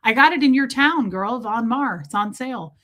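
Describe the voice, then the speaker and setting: A woman's voice: a little high, animated, fairly bright tone. Chatty woman greeting livestream viewers. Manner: chatty, greets viewers by name in quick bursts. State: warm and a bit breathless. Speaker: livestream host. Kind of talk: casual livestream chat. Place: small room with door shut.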